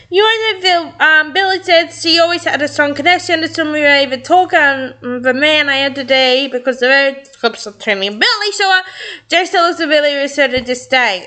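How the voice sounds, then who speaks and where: A woman's voice: high-pitched, a little fast, bright, forceful tone. A young woman reads a script aloud and reacts to it, gushing, tearful and laughing often. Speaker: fan reading and reacting to a script. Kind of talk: excited reaction vlog, reading a script aloud.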